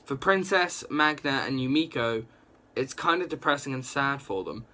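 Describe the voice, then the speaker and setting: A young man recapping a comic book issue in a casual, excited ramble, full of "like" and quick reactions. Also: medium pitch.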